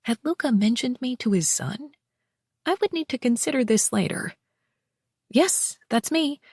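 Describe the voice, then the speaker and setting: Wry, expressive woman narrating a romance. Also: fairly high pitch, moderate pace, slightly rough, no room sound, clean studio sound. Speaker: audiobook narrator. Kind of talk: first-person romance audiobook narration.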